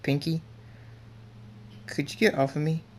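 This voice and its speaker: A man's voice: on the high side, fairly even intonation, measured pace, voice pushed up, natural voice. A man reading as a shy, stammering young stallion. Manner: casual, hesitant, stammering.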